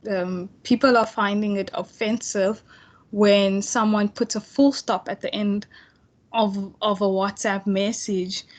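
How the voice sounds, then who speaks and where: A young woman leads an online tutorial, talking to her students in a relaxed, chatty way over a computer microphone. She often restarts her sentences and fills pauses with "um" and "right". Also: medium pitch. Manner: casual, chatty, many fillers and restarts. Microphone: computer mic on video call.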